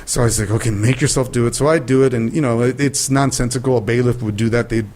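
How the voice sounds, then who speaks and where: An older man, a guest actor, telling lively anecdotes in an interview and acting out the people in them. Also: medium pitch, fast talker. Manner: animated storyteller acting out quoted voices. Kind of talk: interview storytelling.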